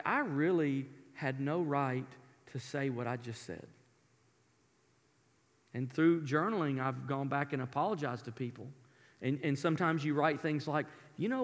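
A man preaching a sermon with impassioned rises and soft, intimate drops. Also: fairly high pitch. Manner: impassioned, rising to near shouting then dropping to a soft intimate tone. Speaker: pastor. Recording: long hall reverb, preaching in a large room.

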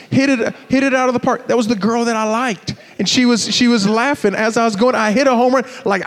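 A man preaching a sermon, telling personal stories in an animated, joking way and putting questions to the crowd. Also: high-pitched, in a large hall.

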